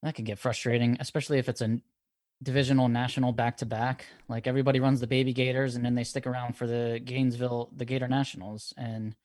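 A man's voice: mid-range voice, little pitch movement, quick pace, a little mellow, no echo, clean studio sound. A man hosting an interview, easygoing, asking questions in loose run-on sentences. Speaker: podcast host. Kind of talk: casual interview chat.

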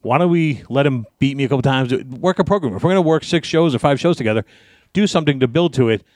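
A man, a wrestling guest, telling a story in casual talk, cursing freely and acting out his shouting. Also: mid-range voice, fast, dry recording, studio quality. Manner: profane, animated, acts out yelling.

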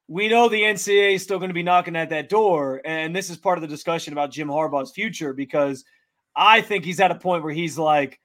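A man in his thirties co-hosting a sports talk show in a casual, joking way. He often stumbles and repeats words as he gets going. His voice sits high for a man. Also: fairly bright tone. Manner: stammering, joking, restarts a lot. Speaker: sports radio co-host.

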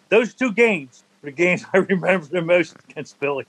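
An older man, a former football center, telling stories from his playing days in a relaxed interview, laughing now and then. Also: high voice, a little fast, low-quality recording. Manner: animated anecdotal storyteller, laughs between stories. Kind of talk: storytelling in a conversational interview.

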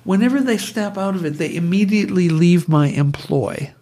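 A man's voice: high-pitched, animated, normal speed, dark tone, voice pushed up. A man voicing a puzzled, earnest Australian tree-trimming boss in a retold story.

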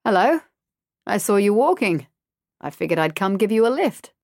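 A woman's voice: mid-range voice, very animated, normal speed, a little mellow, dry recording, studio quality. A woman voicing a much older male stranger who speaks in a falsely cheerful, coaxing way. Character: much older man, creepy, deceivingly friendly stranger.

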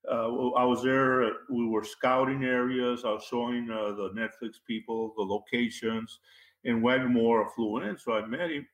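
Male guest, emphatic storyteller, mid pitch, roomy echoey sound. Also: steady tone, moderate pace. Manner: emphatic, repeats key phrases. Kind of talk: casual interview talk. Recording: roomy echo.

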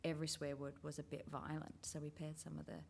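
An Australian woman talking about theatre in a lively casual chat. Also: sits low, fast talker, creaky, a little hiss or hum. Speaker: actor, writer.

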